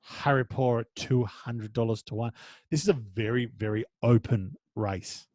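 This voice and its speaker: An Australian man co-hosting a horse racing podcast, chatty and quick to joke. His voice sits at an ordinary middle pitch and often drops off quietly as a thought winds down. The recording is dry and close to the mic. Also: dry recording. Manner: chatty, joking, drifts quieter and lower at the ends of thoughts. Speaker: podcast co-host. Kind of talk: casual horse racing tips chat.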